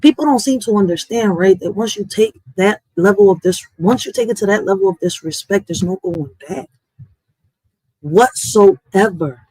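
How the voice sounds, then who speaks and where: A woman hosting a livestream, venting in a blunt, profane, animated way. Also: mid-range voice, normal speed, slightly rough, no echo, low-quality recording. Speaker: livestream host. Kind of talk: casual livestream rant.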